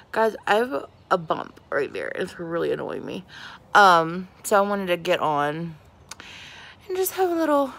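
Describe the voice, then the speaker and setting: A woman in her thirties, with a medium-pitched and slightly bright voice, hosts a casual livestream outdoors on her porch. A beauty vlogger, she chats with viewers and greets them by name.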